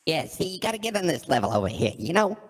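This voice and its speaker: A man's voice: fairly high pitch, very animated, fast, big-room sound, very noisy. A man voicing a brash, cocky male cook who boasts and taunts his rivals. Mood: boastful.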